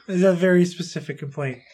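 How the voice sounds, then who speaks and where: A woman's voice: on the low side, darkish tone, breathy edge. A woman hosting a podcast in casual chat, chatty, laughing often and restarting her sentences. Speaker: podcast host. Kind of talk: casual chat interviewing a child guest.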